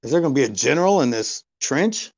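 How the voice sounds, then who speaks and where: A man's voice: mid-range voice, expressive, fast, a little mellow. A man playing in a tabletop role-playing game, answering casually and joking in character. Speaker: player.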